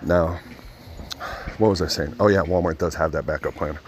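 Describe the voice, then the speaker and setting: Man, low voice, casual profane vlogger talking into a phone at his ear inside a store. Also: fairly even intonation, normal speed. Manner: rambling, profane storytelling. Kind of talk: casual vlog monologue while out shopping. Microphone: phone held to his ear.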